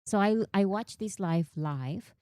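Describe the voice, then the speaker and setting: A woman's voice: medium pitch, slow pace, no echo, clean studio sound. Chatty woman streaming fan commentary. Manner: chatty, animated, reads quotes aloud. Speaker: live streamer.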